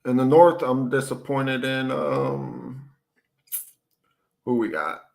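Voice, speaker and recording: A man's voice: mid-range voice, very animated, slow pace, vocal fry, darkish tone. A man co-hosting a casual sports podcast, talking in a laid-back, slangy way. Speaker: podcast co-host.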